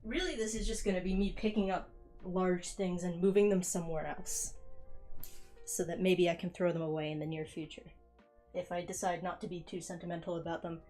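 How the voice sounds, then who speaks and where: A woman's voice: on the low side, fairly even intonation, brisk, warm tone, soft background music. Young woman rambling while she cleans. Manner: rambling and self-mocking, laughs often. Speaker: streamer. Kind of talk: casual chat while cleaning. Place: her bedroom.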